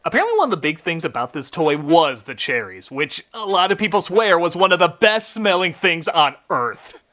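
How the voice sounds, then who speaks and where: A man's voice: a little high, big pitch swings, normal speed, hardly any pauses, pushed and bright, faint music behind. A man giving comedic review narration with sarcastic, crude remarks. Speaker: video reviewer.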